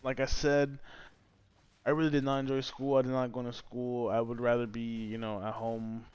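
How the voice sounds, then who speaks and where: A man's voice: medium pitch, flat delivery, normal speed, a little mellow, clear, resonant tone. A young man vlogging, casually retelling a story from his school days in a rambling, profane way. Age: young adult. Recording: dry, slightly dull close recording.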